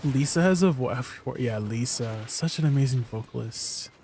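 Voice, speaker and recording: A man's voice: mid-range voice, moderate pace, dark tone, a little hiss or hum. A man chatting casually with his stream viewers, rambling and laughing often. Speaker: livestreamer.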